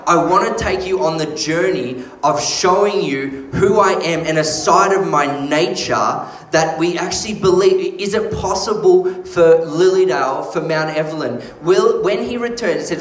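A man preaching a sermon, telling stories with animated energy and frequent laughter. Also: fairly high pitch, moderate pace, few pauses, echoey room, slight background noise, rough recording. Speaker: pastor.

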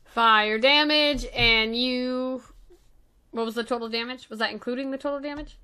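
Bright, giggly woman game master. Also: on the high side, fairly even intonation, moderate pace, clear, resonant tone. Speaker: game master running the enemies. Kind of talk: narrating a tabletop game.

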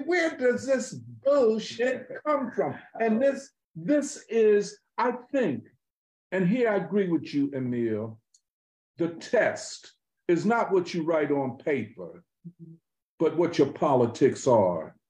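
A man speaks in a high voice about politics, animated and emphatic. His speech is loose, full of slang and swearing. The sound is roomy, with a lot of echo. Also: slow. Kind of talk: political conversation.

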